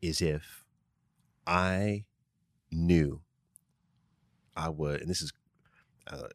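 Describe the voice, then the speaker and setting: A man with a very low voice talks through listener questions in an easy, advice-giving way. He stresses key phrases and repeats them, often checking in with a quick "right?". The sound is dry and close. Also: no echo. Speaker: podcast host answering listener questions. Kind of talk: casual advice talk. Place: studio.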